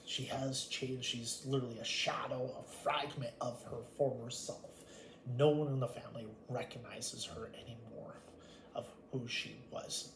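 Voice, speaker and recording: A man's voice: mid-range voice, steady tone, moderate pace. Blunt, profane man in an echoey room. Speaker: vlogger. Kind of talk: casual storytime monologue. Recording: echoey room with faint ambient noise.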